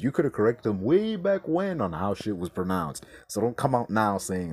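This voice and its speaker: A man's voice: on the low side, sing-song, moderate pace, hardly any pauses, darkish tone, a little hiss or hum. A man hosting a podcast, ranting with exasperated, sarcastic, profane commentary. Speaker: podcast host.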